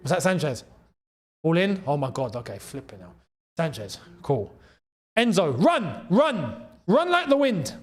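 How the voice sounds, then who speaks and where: A young man hosting a live football watchalong, reacting to the match, shouting at big chances, groaning at misses and thanking viewers in the chat. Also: a little high, very animated, a little slow, long pauses. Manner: chatty, reads out and thanks chat members.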